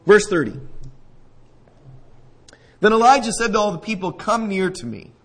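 A man's voice: high voice, very animated, moderate pace, rough recording. A man preaching a sermon, retelling a scripture story vividly and asking his listeners questions. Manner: storytelling, asks listeners questions, acts out scenes. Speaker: pastor.

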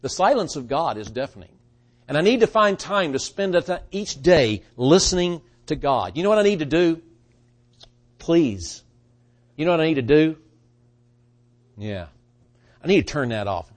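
A man preaching a sermon, swinging from hushed, quiet lines to loud, rising bursts, with halting restarts. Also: mid-range voice.

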